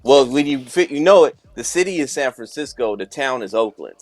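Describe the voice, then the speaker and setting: A man's voice: mid-range voice, expressive, fairly quick, dry recording, soft background music. A man co-hosting a podcast, telling stories in casual chat. He acts out quoted dialogue and laughs often. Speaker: podcast co-host.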